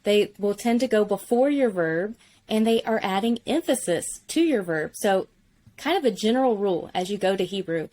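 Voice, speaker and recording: A woman's voice: mid-range voice, animated, moderate pace, a little mellow. Woman, Bible language teacher, casual explanatory lesson, eager, chatty. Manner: enthusiastic, explanatory, uses "like" often. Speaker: Biblical Hebrew teacher. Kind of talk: conversational teaching.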